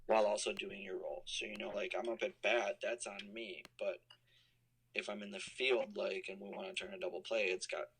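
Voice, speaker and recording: A college compliance officer in his thirties, appearing as an alumni guest, takes interview questions on a call recording, explaining carefully with many fillers. His lowish voice is steady, a little fast and a bit bright. There's poor audio with a little hiss or hum.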